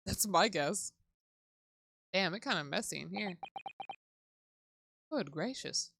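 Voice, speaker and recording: A woman's voice: lowish voice, unhurried, gravelly, fairly bright tone, a little hiss or hum. A woman streamer chatting casually while playing, laughing often and swearing freely. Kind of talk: casual game-stream chat. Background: background music.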